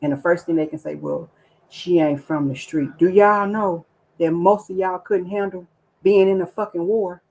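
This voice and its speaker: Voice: mid-range voice, steady tone, moderate pace, darkish tone, rough recording. A livestream host giving casual commentary, ranting with profanity and repeated rhetorical questions, and greeting viewers by name between points.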